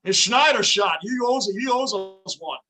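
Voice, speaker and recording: High, bright-voiced ranting sports fan man. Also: expressive, a little slow. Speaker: livestream host. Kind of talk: live sports reaction commentary. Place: home basement.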